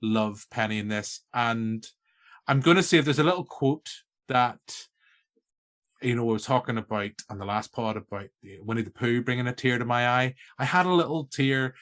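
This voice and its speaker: A man's voice: mid-range voice, normal speed, a bit bright. A man with a Northern Irish accent hosting a casual film-review podcast, talking enthusiastically in a rambling way with many restarts. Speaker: podcast host.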